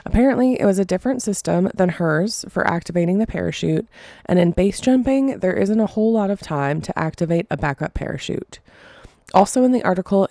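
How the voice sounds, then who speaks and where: A podcast host tells a story casually in a fairly low, gravelly, dark-toned female voice, recorded clean in a studio with no room sound. She's emotional and choked up, speaking haltingly and apologizing when she stumbles over words.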